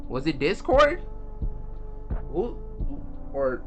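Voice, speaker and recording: A man's voice: medium pitch, sing-song, measured pace, a bit bright, soft background music. A man streaming a live reaction to a story, talking casually in slang and exclaiming at the screen.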